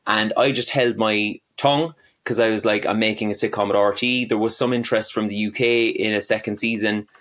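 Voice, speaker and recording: A man's voice: on the low side, fairly even intonation, brisk, a bit bright. A middle-aged man with a Cork Irish accent, chatting as a guest comedian, rambling and self-deprecating with lots of fillers. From Ireland. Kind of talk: casual interview chat.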